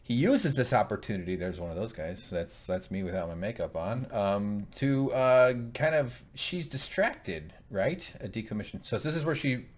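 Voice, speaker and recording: Deep-voiced joking male co-host. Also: animated, moderate pace, hardly any pauses. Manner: joking, rambling asides. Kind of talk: casual recap chat.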